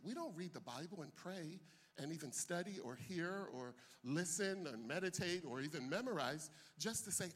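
An older man, a pastor, preaching a sermon with animated delivery that swings from soft asides to loud bursts. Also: on the high side, normal speed, husky.

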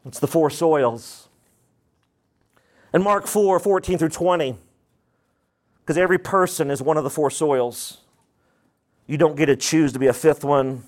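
A man's voice: mid-range voice, darkish tone. A man preaching a sermon as pastor, emphatic and dramatic, acting out the voices he quotes.

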